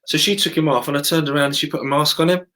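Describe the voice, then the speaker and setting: A man chatting casually and telling an animated story, acting out the other people's voices. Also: a little high, rapid-fire, low-quality recording. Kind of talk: casual chat.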